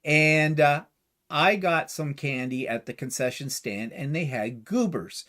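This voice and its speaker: Middle-aged man from Canada, chatty storyteller, fairly high voice, very lively pitch, casual livestream chat. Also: measured pace. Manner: chatty storyteller, laughs easily. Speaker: co-host.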